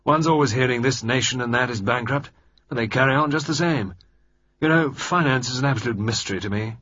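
A man's voice: mid-range voice, a little fast, a bit bright, pitched above the performer's own voice, lightly acted. A man voicing a bluff, blustering older male air marshal in a read-aloud story, raising his voice for the part. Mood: gruff. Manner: blustering, hearty. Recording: dry, slightly dull recording.

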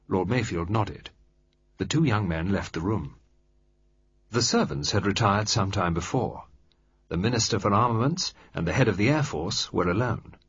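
Husky man reading a story. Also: lowish voice, no echo. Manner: steady, measured storytelling. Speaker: audiobook narrator. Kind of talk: scripted narration. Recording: dry, slightly dull recording.

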